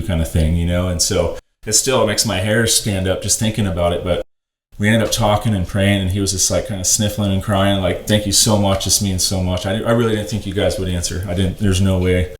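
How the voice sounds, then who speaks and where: A man's voice: sits low, level tone, brisk. A man earnestly telling a personal story on a podcast, rambling and full of "like". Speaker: ministry worker on a podcast. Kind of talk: casual storytelling. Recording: roomy echo, faint noise.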